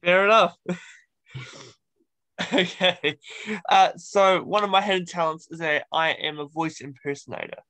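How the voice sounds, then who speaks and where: Playful guy hosting a chill interview, bit higher voice, laughs a lot. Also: steady tone, a little slow, long pauses, sharp tone. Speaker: interview host. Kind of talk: casual interview chat.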